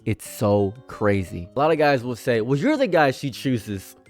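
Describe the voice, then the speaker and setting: A man reacting to a forum story he reads aloud, ranting and animated, jumping from loud outbursts to low murmurs. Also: normal speed, faint music behind. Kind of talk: casual commentary.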